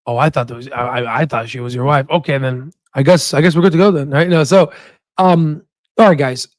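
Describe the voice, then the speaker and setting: A young adult man hosting a stock channel, chatting excitably on a livestream with many fillers and asides. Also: mid-range voice, brisk, no echo. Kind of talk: casual livestream commentary.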